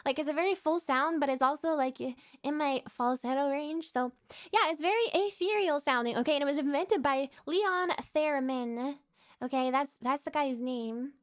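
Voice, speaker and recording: A woman's voice: high-pitched, normal speed. A woman hosting a casual live stream, rambling with lots of fillers, giggling and greeting viewers. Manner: rambling, with many fillers and restarts. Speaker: VTuber streamer host.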